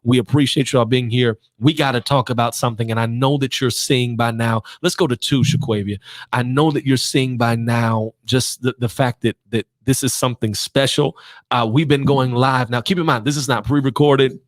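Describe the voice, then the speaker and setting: A man hosting a live podcast stream, energetic and repetitive as he calls out to viewers. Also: mid-range voice, moderate pace, dry recording. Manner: exuberant, repeats himself, calls out to viewers. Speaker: podcast host.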